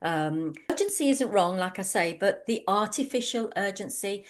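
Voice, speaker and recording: An online business coach delivers a conversational webinar presentation, full of anecdotes and frequent ums. Her mid-range voice is expressive and moves at a normal speed.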